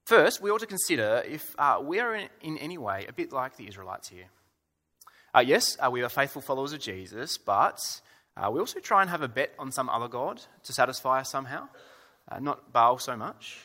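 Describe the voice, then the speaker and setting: Speaking fairly quickly in a sing-song, sharp-toned mid-range voice, a male preacher gives a wry, conversational sermon. Rhetorical questions and fillers fill his talk to about a hundred people in a church hall.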